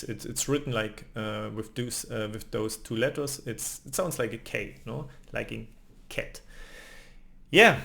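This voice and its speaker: A man's voice: a little high, creaky, a bit bright. A man with a Spanish accent, a native Spanish speaker, teaching pronunciation and checking in with listeners by tagging "no?" onto his sentences. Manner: explains patiently with tag questions, often adds "no?". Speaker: language teacher. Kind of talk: spoken pronunciation lesson.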